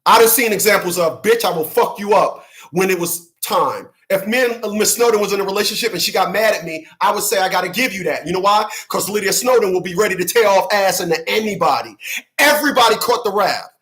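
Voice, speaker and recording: High-voiced man ranting profanely. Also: quick pace, a bit bright. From New York–New Jersey area. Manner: profane, emphatic, repetitive, frequent laughter. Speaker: channel host. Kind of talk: unscripted live-stream rant.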